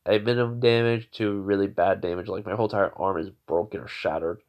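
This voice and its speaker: A man improvising a fan story, rambling and halting with many fillers, on a dull lo-fi recording. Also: on the low side, steady tone, a little mellow.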